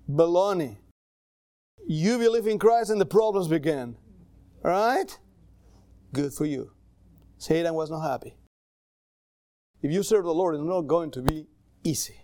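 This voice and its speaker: A male pastor preaching a sermon in a church in accented English with small grammar slips, conversational and animated. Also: a little high, a little slow, long pauses, no room sound, clean studio sound. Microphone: livestream camera mic.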